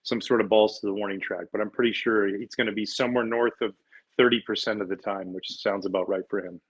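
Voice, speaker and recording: A middle-aged Canadian man, once a pitcher, talks as a guest on a sports show. He tells his stories in an animated, chatty way, laughing often and restarting his words as he goes. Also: fast talker, breathy edge, low-quality recording. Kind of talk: casual interview chat, storytelling.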